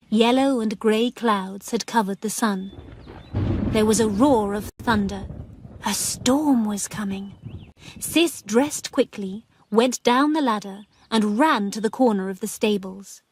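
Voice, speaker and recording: Slow, breathy woman storyteller. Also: mid-range voice. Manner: slow and careful. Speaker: narrator. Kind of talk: scripted story narration for English learners.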